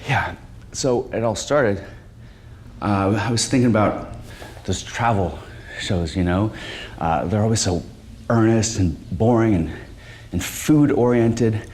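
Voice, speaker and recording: A deep-voiced, stammering washed-up comic. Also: male voice, darkish tone. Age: middle-aged. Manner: halting, stammering, self-deprecating. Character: washed-up, anxious middle-aged male stand-up comic. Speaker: stand-up comic pitching a show.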